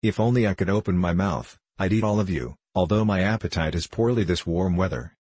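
A man's voice: low-pitched, a little fast, a little mellow, husky, dry recording. A man voicing a huge, bad-tempered flying rock monster in a storybook, talking harshly through clenched teeth in a reproachful, grumbling way.

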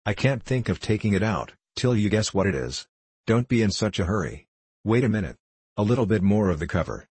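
A playful, loving young woman teasing her father, voiced by a man reading aloud. The voice stays low and husky, recorded close and dry. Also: sing-song, a little fast, darkish tone, no echo. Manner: gleeful, teasing.

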